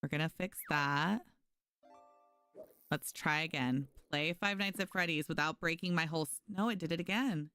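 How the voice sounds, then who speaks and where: A woman's voice: low-pitched, moderate pace, a bit bright, clean tone, faint music behind. A woman streaming a game live, chatting casually with viewers and thanking them by name. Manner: frequent restarts and fillers. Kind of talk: casual live gameplay commentary.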